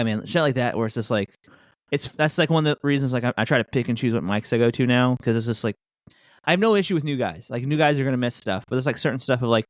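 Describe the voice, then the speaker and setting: A male stand-up comic chatting casually on a podcast, rambling through anecdotes and slipping into quick voiced asides. His voice sits at an ordinary middle pitch. The sound is close and dry, with no room echo. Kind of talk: casual chat.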